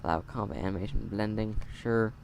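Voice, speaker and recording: Gravelly guy rambling sarcastically while he plays a game, close mic, faint hiss. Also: lowish voice, a little fast, a little mellow. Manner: wry, chatty, sarcastic asides and laughs. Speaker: game player. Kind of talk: let's play commentary. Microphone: close desk mic.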